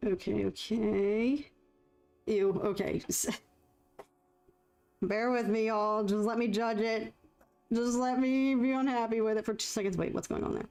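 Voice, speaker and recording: Woman live-streaming her painting, rambly, awkward, fillers everywhere, quiet music in the back. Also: a little high, steady tone, a little slow, pauses often. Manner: chatty, self-conscious, rambling with fillers. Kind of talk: casual live-stream chat while painting.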